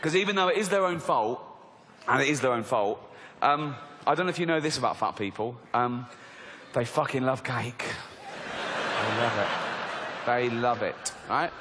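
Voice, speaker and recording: An English man in his forties doing a mocking, animated stand-up comedy routine on a theatre stage. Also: moderate pace, pauses often, background noise. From England. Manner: animated, mocking, slips into squeaky put-on voices. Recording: live hall with reverb and crowd.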